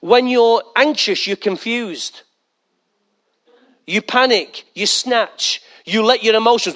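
A man preaching a sermon as pastor, animated, asking the congregation questions and acting out little asides. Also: high voice, slow.

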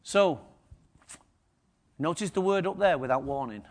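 A man preaching a lively sermon to a congregation, acting out the story's characters. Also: on the high side, unhurried.

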